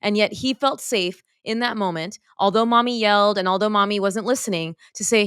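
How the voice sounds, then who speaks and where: A woman's voice: mid-range voice, brisk, few pauses, a bit bright, clean tone, no room sound, clean studio sound. A woman podcast host and pediatrician in casual interview chat, telling personal stories in an earnest, open way.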